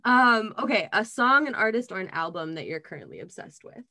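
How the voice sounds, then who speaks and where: A woman hosting a casual interview, easygoing and quick to laugh. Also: medium pitch, expressive, gravelly, pushed and bright. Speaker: podcast host.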